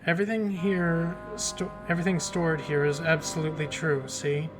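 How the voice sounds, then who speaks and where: A man's voice: on the high side, level tone, moderate pace, close to an everyday voice. A man reading game dialogue aloud as a fussy, guarded older woman librarian who calls people dearie. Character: prim, jumpy older woman librarian hiding secrets. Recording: game music playing behind.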